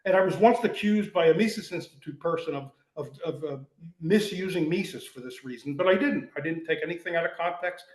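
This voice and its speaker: An older man with a fairly high voice tells stories in a relaxed discussion, often restarting his sentences and repeating words. His voice carries a noticeable echo, as if recorded in a bare room. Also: fairly quick. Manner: animated storytelling with frequent restarts. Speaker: guest, writer. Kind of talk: conversational discussion.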